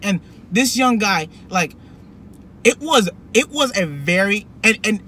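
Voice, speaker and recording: A young man telling a personal story to camera in a rambling, animated way, full of fillers and restarts. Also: sits high, slow, slight background noise. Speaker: vlogger. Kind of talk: casual storytelling.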